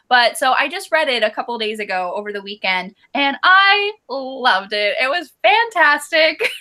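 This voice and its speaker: A woman's voice: high voice, pushed and bright. A woman co-hosting a book club livestream, gushing and affectionate, laughing a lot as she chats. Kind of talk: casual chat.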